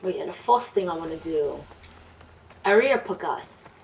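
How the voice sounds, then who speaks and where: A woman's voice: low-pitched, animated, a little fast, gravelly, a little mellow. A woman with a Jamaican accent giving casual, chatty commentary while playing a game. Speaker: let's play streamer. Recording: distant mic with faint noise.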